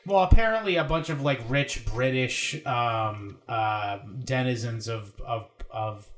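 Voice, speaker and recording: A man's voice: medium pitch, a little slow. A man co-hosting a casual movie review podcast, talking bluntly and swearing often. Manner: blunt, profane, animated. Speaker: podcast co-host.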